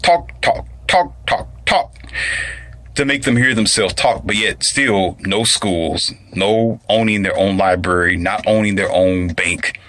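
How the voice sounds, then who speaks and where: A man's voice: on the low side, fairly bright tone. A man giving a blunt, preachy motivational monologue, repeating himself and using street slang. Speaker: motivational speaker.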